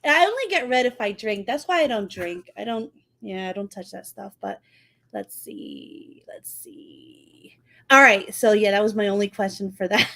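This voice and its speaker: A woman's voice: mid-range voice, a little fast, sharp tone. A woman from New York with a New York accent, hosting a casual podcast chat and laughing often. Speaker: podcast host.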